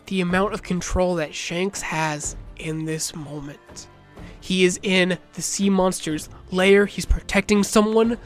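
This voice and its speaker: A man narrating a video essay in a measured, reflective way, with dramatic pauses. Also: high voice, fairly bright tone.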